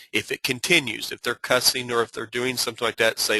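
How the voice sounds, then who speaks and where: A man giving an instructional talk on handling difficult customers, earnest and advising, with frequent halting restarts and fillers. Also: mid-range voice, fairly even intonation, sharp tone, dry recording, rough recording. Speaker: customer service trainer.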